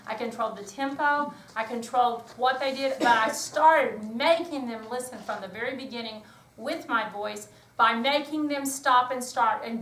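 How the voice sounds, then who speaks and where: A woman's voice: a little high, heavy background noise. A woman music teacher leading a hands-on workshop, calling out rhythm commands and explaining to the group in a chatty way. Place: workshop room with an audience. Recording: echoey room, voice from far off.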